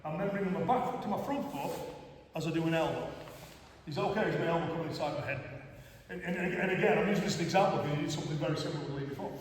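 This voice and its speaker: A man's voice: fairly high pitch, very fast. A man with a Cumbrian accent teaching a karate class, talking in a chatty way and often checking in with his students. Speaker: karate instructor. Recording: echoey hall from far off.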